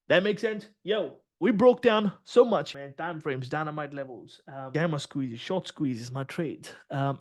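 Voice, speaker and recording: A man's voice: a little high, darkish tone, no room sound. A man, a trading mentor, talking casually on a video call, rambling, full of slang and cursing as he tells a story to his students.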